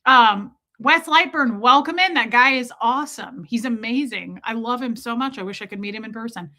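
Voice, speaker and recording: A woman's voice: on the high side, normal speed, bright, forceful tone. A woman from Omaha chatting on a live stream, reacting to clips and greeting viewers by name. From Omaha, United States.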